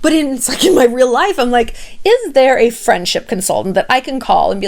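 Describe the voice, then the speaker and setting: A woman's voice: fairly high pitch, big pitch swings, a little fast, creaky, darkish tone. A woman vlogger giving blunt, emphatic friendship advice to camera in a casual monologue, swearing freely.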